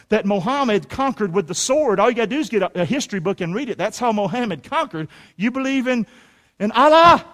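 A man in his forties preaching a sermon to a congregation, animated and often shouting, firing rhetorical questions at the room. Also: sits high. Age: 40s. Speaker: pastor. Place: church sanctuary.

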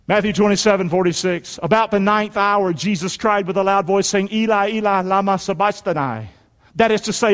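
In a church's echoing hall, a high-pitched male pastor preaches briskly, reading scripture aloud. Folksy and emphatic, he leads the congregation in repeating the words.

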